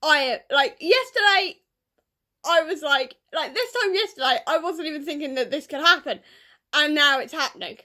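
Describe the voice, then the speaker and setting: A woman book vlogger chatting casually, gushing and tearful with excitement, full of fillers. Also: high-pitched, normal speed. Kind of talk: casual vlog chat.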